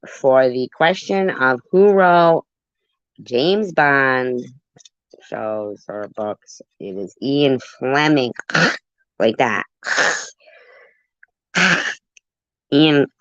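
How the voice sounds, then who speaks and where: Slow, playful woman hosting a livestream. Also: a bass voice, fairly bright tone, no room sound, lo-fi sound. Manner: playful, giggly, drawn-out. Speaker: livestream host. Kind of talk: casual livestream chat with trivia.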